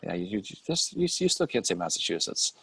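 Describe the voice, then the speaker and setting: A man's voice: sits low, very animated, brisk, sharp tone, slightly rough. A man co-hosting a casual live-stream chat, teasing and joking with his co-host and swearing casually. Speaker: podcast co-host.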